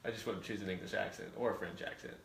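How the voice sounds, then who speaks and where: A man's voice: low voice, fairly even intonation, fast, vocal fry, a bit bright, echoey room, a little hiss or hum. A middle-aged man co-hosting a show, bantering with his wife in a joking, boastful way. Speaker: podcast co-host. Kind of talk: casual chat with spouse.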